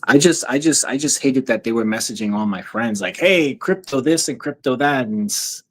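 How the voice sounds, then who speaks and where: A man's voice: medium pitch, lively intonation, moderate pace. A man talking as a guest on a casual podcast, answering in short, plain replies. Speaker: guest cosplayer. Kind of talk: casual chat.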